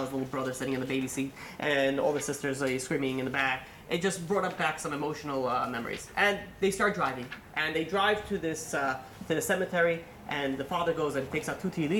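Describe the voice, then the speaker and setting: A man, a rabbi, telling a long story in a sermon, animated and full of fillers, acting out the people in it. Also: a little high, reverberant, slight background noise. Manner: animated, acts out quotes, many fillers.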